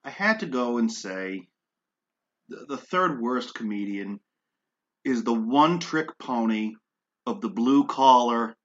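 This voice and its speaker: A man's voice: mid-range voice, expressive, slow, long pauses, fairly bright tone, muffled recording. A man co-hosting a casual comedy podcast, ranting with grumpy sarcasm. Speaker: podcast co-host.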